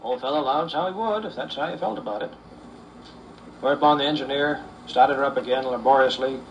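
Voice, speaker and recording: Unhurried storyteller, distant mic. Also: male voice, medium pitch, lo-fi sound, a little hiss or hum. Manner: unhurried, with fillers. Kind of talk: folksy humorous storytelling.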